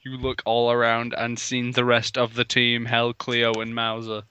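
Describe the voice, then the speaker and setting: A man reading a badly written story aloud for comedy, mocking its spelling and bursting into loud, over-the-top dramatic lines. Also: medium pitch, monotone, measured pace, clear, resonant tone, no echo, highs cut off. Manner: bursts into loud exaggerated outbursts, mocks spelling. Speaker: comedy reader of fan fiction. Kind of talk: mock dramatic reading with commentary.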